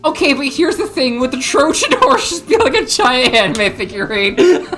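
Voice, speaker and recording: Giggly woman streamer with a lively voice. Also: high voice, normal speed, soft background music. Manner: giggly and excitable, laughs often. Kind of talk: casual chat.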